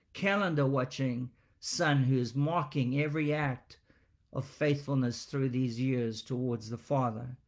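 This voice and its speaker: A man preaching an expository sermon, speaking with deliberate emphasis and dramatic pauses. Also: mid-range voice.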